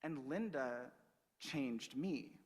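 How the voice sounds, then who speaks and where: A man's voice: medium pitch, animated, extremely slow. Young man preaching in a reverberant sanctuary. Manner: conversational, personal storytelling with light humor. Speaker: minister. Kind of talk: storytelling sermon. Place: church sanctuary.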